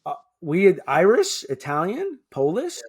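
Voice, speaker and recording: A man's voice: high voice, huge pitch swings, unhurried, breathy edge. A man, a guest making emphatic points in a conversational interview and checking in with "right?" as he goes. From Queens, New York. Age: 30s. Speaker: guest, public affairs officer.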